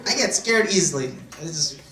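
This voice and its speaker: A male host with a high, lively voice that swings up and down, giggling as he riffs. He sounds distant in a roomy club, with the crowd behind him. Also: moderate pace. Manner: giggly and excitable. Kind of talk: casual banter after a set. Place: comedy club stage. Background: audience.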